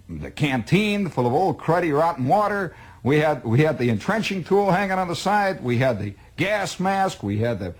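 A man telling a spoken monologue in a wry, exaggerating manner. He stacks up details and often repeats words as he goes. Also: on the high side. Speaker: storyteller.

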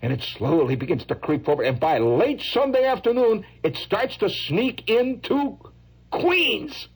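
Husky New radio host musing. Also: male voice, high voice, normal speed. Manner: lively, musing, slips into mock voices. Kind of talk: rambling on-air monologue.

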